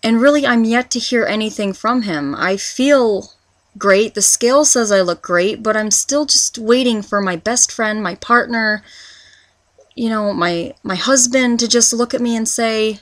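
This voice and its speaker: A vlogger in her twenties rambles haltingly through a confessional personal video, restarting often as she hunts for the right words. Her voice is a little high and the recording is dry.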